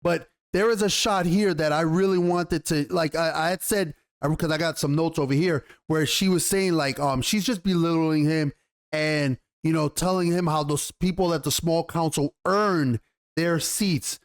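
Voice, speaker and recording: A man giving a casual episode review, rambling and excitable, blunt and quick to swear. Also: fairly high pitch. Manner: rambling, excitable, acts out lines.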